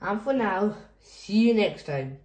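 A woman reading a children's storybook aloud, gentle and clear. She takes her time over every line, and her voice sits in the middle range. The room has a roomy echo. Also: mid-range voice, expressive, slow. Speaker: storybook reader.

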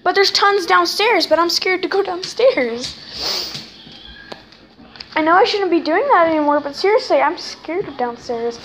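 A woman's voice: very high-pitched, animated, moderate pace, long pauses, a bit bright, slight background noise, rough recording. A sixth-grade girl chatting casually in a home vlog, rambling and filling gaps with "anyway". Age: child, sixth grader. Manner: rambling, keeps saying anyway. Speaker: vlogger.

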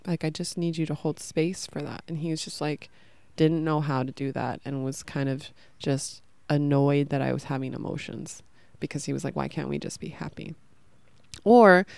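A woman's voice: very deep voice, darkish tone, clear, resonant tone, no room sound. A woman hosting a podcast, telling an emotional personal story in a rambling way with many fillers. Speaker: podcast host.

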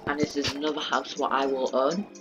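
A man, joining a gaming video as co-host and teasing in a deadpan, sarcastic way. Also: medium pitch, brisk, lo-fi sound, very noisy. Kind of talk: casual gameplay banter. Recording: clear background music.

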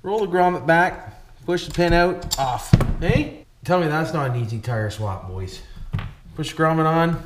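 A little slow and a little high, his voice is expressive. He's a Canadian hobby-channel host working on a toy truck, casual and joking, with frequent "boys" and "why wouldn't we," recorded in an echoey room with background noise.

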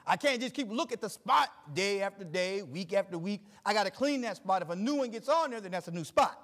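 Male pastor, middle-aged, very high voice, preaches with emphatic repetition. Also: animated, fairly bright tone. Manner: preaching with rising emphatic repetition, reading scripture slowly. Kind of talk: sermon.

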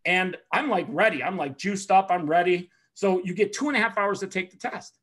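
A man with a high, bright voice spins a rowdy personal story in casual conversation. He swears easily, laughs at his own tale, and throws himself into the other people's lines, sometimes shouting them. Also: brisk, hardly any pauses, husky. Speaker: podcast host telling a story.

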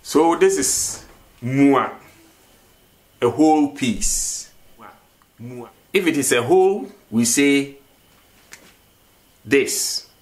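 A man teaches vocabulary at a slow pace, repeating words and asking the learner questions to respond to. His voice has medium pitch and a somewhat dark tone.

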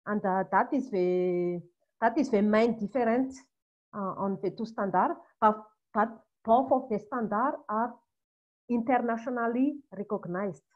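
A woman answering a technical question on a webinar, halting with frequent fillers. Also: mid-range voice, a little mellow. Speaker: panelist on a webinar. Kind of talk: explanatory answer. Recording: dull video-call audio.

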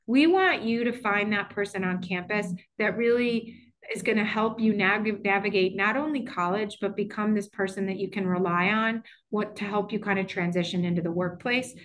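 A woman who works as a college administrator, giving an online information session in a chatty way, full of fillers and restarts. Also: medium pitch.

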